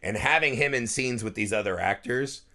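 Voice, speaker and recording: Man, podcast co-host, casual chat, swears a lot, acts out scenes, animated. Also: mid-range voice, moderate pace.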